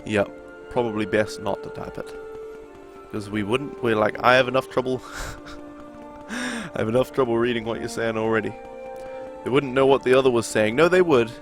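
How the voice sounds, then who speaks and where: A man's voice: medium pitch, normal speed, pauses often. New Zealand man chatting over game music. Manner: relaxed, rambling, laughs often. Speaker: game streamer. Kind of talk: casual chat while playing, reading out chat.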